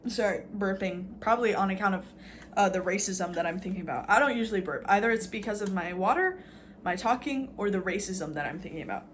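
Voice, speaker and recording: A woman's voice: medium pitch, animated, fairly quick, a little hiss or hum. A woman vlogging a casual, rambling rant, sarcastic and full of fillers, swearing now and then.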